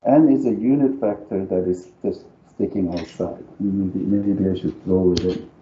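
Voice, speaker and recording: A man teaching calculus in a slow, unhurried way, with a very dark and mellow tone and an accent that is not native. He thinks out loud as he goes and keeps asking the class to say yes. The sound is roomy and dull, like a lo-fi classroom recording. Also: deep voice. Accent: non-native English. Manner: thinking aloud, coaxing students to agree. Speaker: math teacher. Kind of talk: live calculus lecture.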